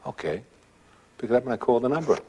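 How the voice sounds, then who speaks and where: An older man, casually telling a personal story in a relaxed way and acting out what others said. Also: mid-range voice, fast, slightly rough. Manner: relaxed storytelling, acts out voices. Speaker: guest storyteller.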